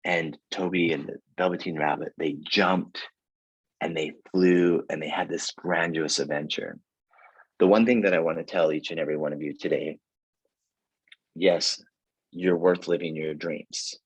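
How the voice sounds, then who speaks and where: A man with a very low, husky voice tells a motivational story to a team on a video call. He talks with energy but rambles, stacking fillers and restarts, and the sound is close and dry. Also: steady tone, a little slow, no echo, muffled recording. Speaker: guest speaker, sales executive.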